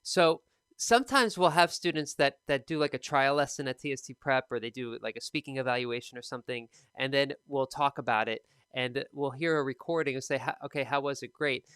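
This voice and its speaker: A man teaching TOEFL speaking on a live stream, explaining in a relaxed, conversational way. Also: mid-range voice, a little fast, clear, resonant tone, no room sound, studio quality.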